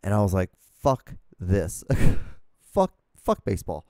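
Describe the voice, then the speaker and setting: Male solo podcast host, mellow voice, dry close mic, swears a lot while ranting. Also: on the low side, very animated, measured pace, no echo. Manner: profane, exasperated ranting. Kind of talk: casual solo rambling rant. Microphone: studio microphone, talking to camera.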